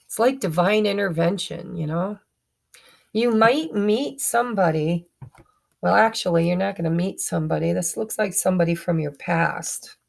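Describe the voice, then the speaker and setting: A woman's voice: lowish voice, moderate pace, creaky. A woman giving a chatty tarot reading to her viewers, often stumbling and correcting herself as she goes. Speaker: tarot reader. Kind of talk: casual tarot reading to camera.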